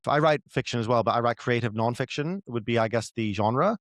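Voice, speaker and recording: A guest writer with a middle-pitched male voice explains his ideas in a relaxed, casual podcast conversation, rambling and filling his sentences with fillers. He speaks a little fast with hardly any pauses, and the dry recording sounds close, with no room sound.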